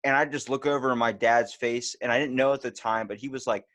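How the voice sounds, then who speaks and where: A young man guests on a casual podcast chat, laid-back and loose with his swearing. He acts out the people in his anecdotes, his voice pitched in an ordinary middle range. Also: fairly even intonation, a little fast, a bit bright.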